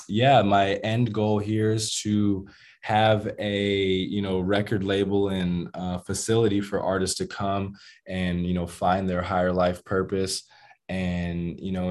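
A young American man, a musician, telling stories in a casual interview with laid-back slang and animated retelling. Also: sits low, unhurried. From United States. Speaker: musician and rapper.

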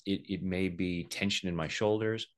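A middle-aged man, a guest who practices EFT tapping, shows and explains the method in a playful style, voicing the people he quotes. His low voice has fairly even intonation at a normal speed.

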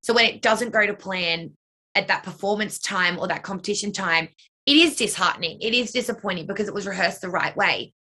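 A woman's voice: mid-range voice, a little fast, bright, forceful tone. A young woman, a dance and cheer coach and choreographer, answering interview questions in a chatty way, full of "like" and "you know".

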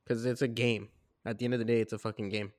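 A man's voice: mid-range voice, flat delivery, fast, darkish tone, no echo, studio quality. A man co-hosting a casual podcast, talking bluntly and matter-of-factly with a no-nonsense, tough-minded manner. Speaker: podcast co-host. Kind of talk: casual chat.

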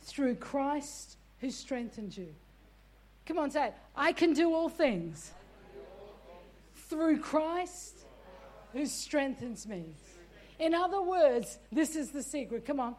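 Aussie lady preacher, really high voice, keeps telling the church to stop it, gets shouty. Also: very animated, slow pace, long pauses. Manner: exhorting, repeats "come on" and "stop it"; shouts at peaks. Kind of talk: sermon.

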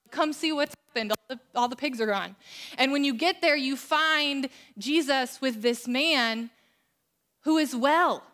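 A woman pastor giving a conversational sermon, often acting out quick quoted voices. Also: sits high, pushed and bright.

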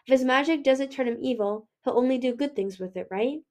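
A woman's voice: sits high, a little fast, darkish tone, natural voice. Woman as an earnest young she-dragon. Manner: earnest, insistent. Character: earnest young female mind-reading dragon.

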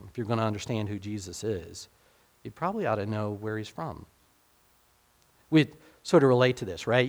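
A man preaching a casual, conversational sermon, asking his listeners questions and acting out the people in the passage. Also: medium pitch. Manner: casual, talks to the congregation directly with rhetorical questions; acts out quoted speakers in dialogue.

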